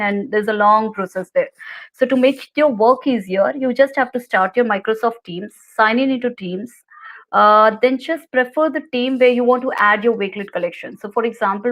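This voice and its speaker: A woman, a computer teacher, gives a clear step-by-step screen-share tutorial over a video call. Her voice sits somewhat high, and she explains each click calmly and in order. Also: rough recording. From India. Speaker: ICT teacher.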